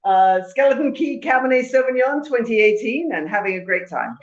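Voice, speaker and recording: A woman's voice: a little high, lively intonation, brisk, a little hiss or hum. A British woman from a winery's tasting room chatting cheerfully over a video call. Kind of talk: casual chat on a video call. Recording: dull lo-fi call audio in an echoey room.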